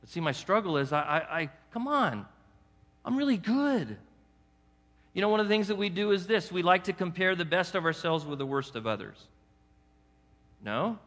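A man in his fifties delivers an animated sermon, chatting with the room and dropping into short acted voices. His voice is bright and forceful and sits a little high. A long hall reverb trails after every phrase. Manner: animated, conversational preaching with quick acted asides. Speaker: pastor.

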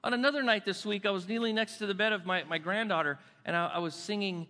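An older man preaching a sermon as pastor in a church, conversational and full of restarts, dropping soft and slow for emphasis. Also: high voice, big-room sound. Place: church sanctuary.

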